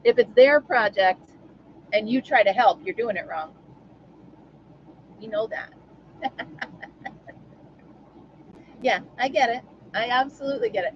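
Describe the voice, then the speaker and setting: A woman's voice: fairly high pitch, a little slow, long pauses, dull audio, slight background noise. A woman hosting a casual live stream from home, chatting and answering viewers by name. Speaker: livestream host.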